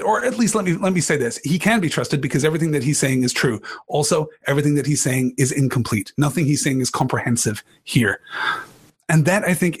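Enthusiastic husky man discussing a novel. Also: a little high. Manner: enthusiastic, asks the audience questions. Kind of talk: reading aloud and discussing a novel.

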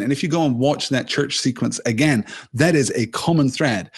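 A man giving a thoughtful film analysis, often rephrasing himself mid-sentence and stressing key points with lively emphasis. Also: mid-range voice, normal speed, few pauses, breathy edge. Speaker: film commentator.

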